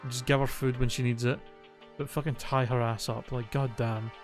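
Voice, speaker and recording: A man's voice: medium pitch, fairly even intonation, moderate pace. Profane exasperated gaming streamer man. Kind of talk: let's play commentary and reading aloud. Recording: game music behind. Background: game music.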